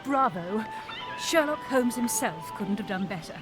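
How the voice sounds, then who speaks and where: A breezy lady author for a game. Her slightly high voice bounces with posh exclamations, with game music clearly underneath. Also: lively intonation, unhurried. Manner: breezy, chirpy upper-class exclamations. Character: posh female mystery writer posing as a flower seller. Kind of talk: game voice acting.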